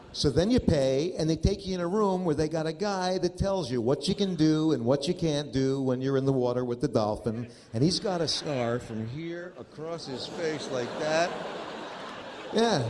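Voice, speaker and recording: A man's voice: a little high, darkish tone. Man, 50s, stand-up comedian, profane, exasperated, noisy recording.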